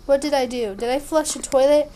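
On poor-quality audio, a young woman gaming YouTuber with a high, mellow voice talks briskly through a horror game let's play. Her commentary is playful, sarcastic and sing-songy.

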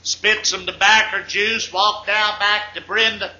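A man's voice: sits high, flat delivery, a little slow, pushed and bright, reverberant, dull audio. A man telling jokes in a folksy, drawling storyteller's manner, on a hissy 8-track tape recording. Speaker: comedian. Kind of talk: stand-up joke telling.

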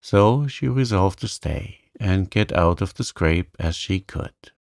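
Slow, gravelly, calm male storyteller. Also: low-pitched, no echo, clean studio sound. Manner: gentle, soothing. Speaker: narrator. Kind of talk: calm bedtime story reading.

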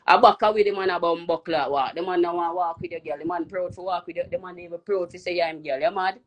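A man's voice: high voice, fairly even intonation, fast. A man with a Jamaican accent, cursing and emphatic as he rants on a phone live stream. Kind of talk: heated live-stream rant.

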